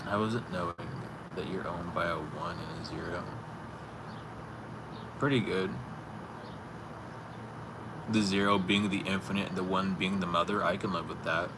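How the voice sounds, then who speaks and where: A man's voice: low-pitched, steady tone, normal speed, pauses often, heavy background noise. A man vlogging in a casual, incredulous way, chuckling as he argues back at someone unheard. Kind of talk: casual spoken monologue. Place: outdoors on a street.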